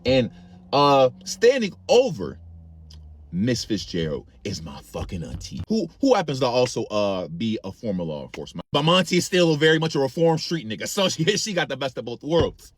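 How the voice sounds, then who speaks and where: A man's voice: medium pitch, huge pitch swings, moderate pace. A man telling a casual, profane story and calling his listeners gang.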